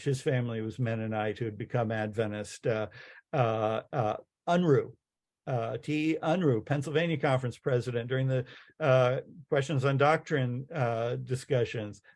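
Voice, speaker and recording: A middle-aged man, a chaplain and teacher, giving a passionate lecture in a halting way, with many fillers and restarts. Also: mid-range voice, darkish tone.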